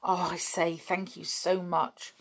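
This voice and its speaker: A woman's voice: lowish voice, level tone, slow, fairly bright tone, heavily acted. A woman voicing a polite, earnest older schoolboy in a storybook reading.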